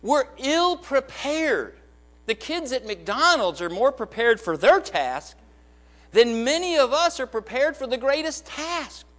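A man's voice: very high-pitched, big pitch swings, unhurried, fairly bright tone. A man preaching a sermon as a church elder, emphatic and full of rhetorical questions to his congregation. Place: church sanctuary.

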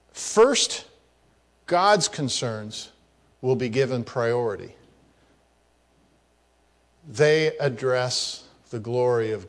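Slow, emphatic teaching preacher, a man. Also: on the high side. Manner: teaching, explains Greek grammar with asides; emphatic, repeats phrases for stress. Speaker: pastor. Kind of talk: sermon.

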